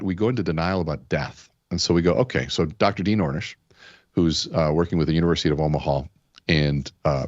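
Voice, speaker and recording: A man's voice: deep voice, dry recording, highs cut off. A man talking as a guest in an interview, telling stories and sprinkling in fillers like "you know". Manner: storytelling, acts out quoted characters, many fillers. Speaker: keynote speaker, podcast guest. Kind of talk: conversational interview with told stories.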